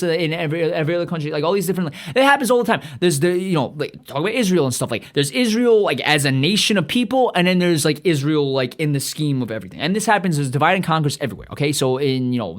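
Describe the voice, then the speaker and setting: A man hosting a podcast in a profane, rambling monologue, excitable and stuffy-nosed, often trailing off and restarting. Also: fairly high pitch. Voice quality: stuffy nose. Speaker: podcast host.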